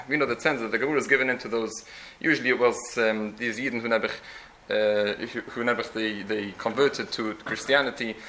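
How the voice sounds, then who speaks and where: A man's voice: mid-range voice, sharp tone, low-quality recording. A man teaching a religious lecture in an earnest, explanatory way, often restarting his phrases. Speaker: Torah teacher.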